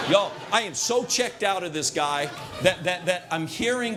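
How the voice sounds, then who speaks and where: An older male preacher, with a somewhat high voice, tells a comic story from the pulpit and acts out every voice in it. He swings from hushed asides to loud shouts. A faint hum of ambient noise sits under him. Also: expressive, moderate pace.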